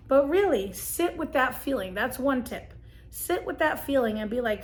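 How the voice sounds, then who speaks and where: An earnest woman with a fairly high voice shares a personal story and gentle advice on camera. She talks softly and sincerely, like a vlogger speaking straight to her viewers. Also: lively intonation, normal speed. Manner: earnest, gentle, emotional at times.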